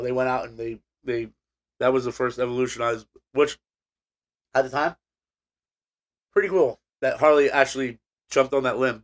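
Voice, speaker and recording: A man co-hosting a casual podcast, telling a long rambling story with many restarts and fillers. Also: medium pitch. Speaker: podcast co-host. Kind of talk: casual chat.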